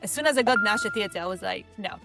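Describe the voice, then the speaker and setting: A woman from Lebanon talks as a guest in a candid interview. Her speech is reflective and halting, with frequent restarts, and her voice sits at a middle pitch. Faint music plays underneath. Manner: reflective, halting, restarts often, gets emotional. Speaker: guest, scenic designer.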